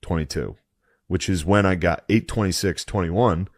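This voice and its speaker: Brief: deep-voiced male podcast co-host, dry close mic, crude mocking storyteller. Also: normal speed, dry recording. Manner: crude, mocking storytelling, rising to loud anger. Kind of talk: casual podcast chat.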